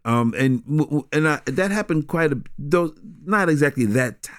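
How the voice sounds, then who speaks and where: Animated storytelling man, dry sound. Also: on the high side, normal speed, dry recording. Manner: animated, many restarts and "you know". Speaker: street minister. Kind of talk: conversational storytelling.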